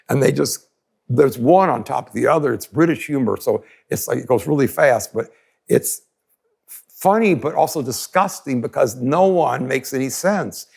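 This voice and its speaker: A man speaks in a gravelly, husky voice as he teaches a podcast audience. His delivery is emphatic and very lively in pitch. He often slips into brief voices to act out the people he quotes. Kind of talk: animated teaching talk.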